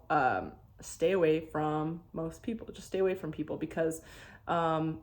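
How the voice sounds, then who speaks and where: A young adult woman vlogger telling a travel story in a casual, rambling way, full of restarts and "like". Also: sits low. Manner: animated, rambling, frequent "like" and restarts.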